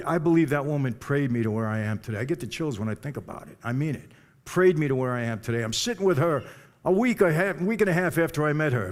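Older man telling his story, slightly high. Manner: conversational, direct asides to the audience. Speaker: speaker giving a personal testimony. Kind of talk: storytelling to a live audience.

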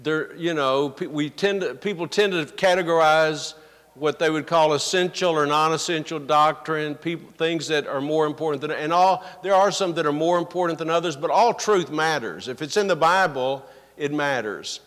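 Man pastor preaching, kinda high voice, big echoey church hall. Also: fairly bright tone. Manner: earnest, emphatic preaching with slow scripture reading. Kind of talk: sermon. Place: church sanctuary. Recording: long reverb of a large hall.

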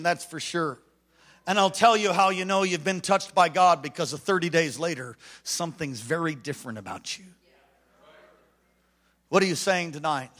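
Male pastor, high and bright, animated revival preacher with hushed asides and shouted peaks. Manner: swings from hushed storytelling to shouted exhortation. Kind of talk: revival sermon storytelling. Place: church sanctuary.

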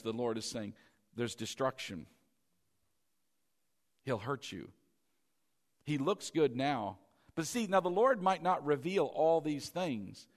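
A man pastor preaching a sermon, leading the congregation in call-and-response and moving between loud emphasis and quiet asides. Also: mid-range voice.

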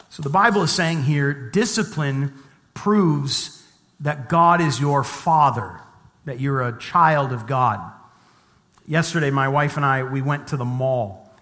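A man's voice: medium pitch, slow pace, a bit bright. A middle-aged man preaching a sermon as a pastor, mixing scripture reading with conversational, humorous personal stories. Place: church sanctuary. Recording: long reverb of a church hall.

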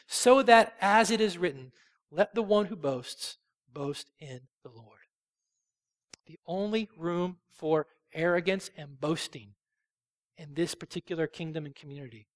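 A man preaching a sermon. He swells loud on key phrases, then drops soft. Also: sits high, long reverb tail. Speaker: pastor. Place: church sanctuary.

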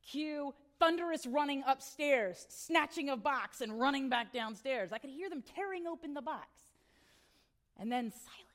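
A woman's voice: high voice, expressive, unhurried, a bit bright. A middle-aged woman pastor giving a sermon as a conversational story, full of asides and tag questions.

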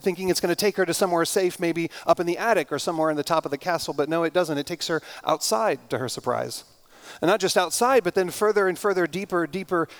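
A pastor preaching a sermon, retelling a story in an animated, conversational way. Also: male voice, high voice.

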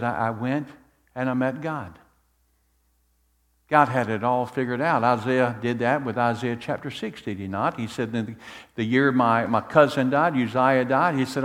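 A man preaching a sermon as pastor, swinging from loud fervent preaching to hushed tender tones. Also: mid-range voice, long reverb tail.

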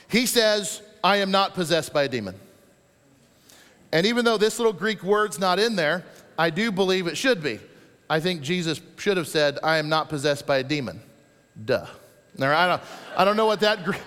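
High-voiced guy preaching in a church, swings loud then quiet, big hall echo. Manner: animated preaching, dramatic rises and drops, reads scripture slowly. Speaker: pastor. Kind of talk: sermon.

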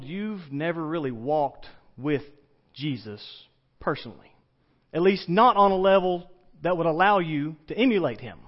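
A pastor with an East Tennessee Southern accent, preaching a casual, story-driven sermon and putting questions to his congregation. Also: fairly high pitch. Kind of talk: conversational sermon. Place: church sanctuary. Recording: dull lo-fi church recording.

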